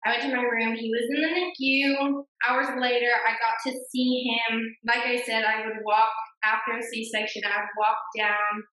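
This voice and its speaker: Bright-voiced young woman in an echoey room. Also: on the high side, normal speed. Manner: animated, mimics voices when quoting others. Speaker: podcast guest. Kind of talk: casual personal storytelling.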